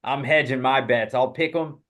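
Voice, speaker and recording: A man co-hosting a casual sports podcast, relaxed and quick to laugh while running a quiz. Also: mid-range voice.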